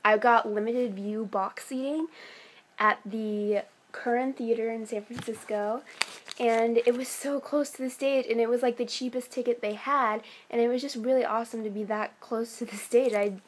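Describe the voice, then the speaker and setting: A teenage girl from the United States telling a casual vlog story, chatty and excitable, full of "like" and "um". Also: on the high side, moderate pace. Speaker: vlogger.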